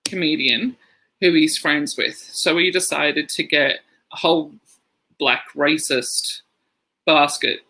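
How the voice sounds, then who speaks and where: Male podcast co-host, casual rambling storyteller, sharp bright tone, slightly high voice. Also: steady tone, takes it slowly, poor audio. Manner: rambling storyteller, laughs through anecdotes. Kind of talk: casual chat.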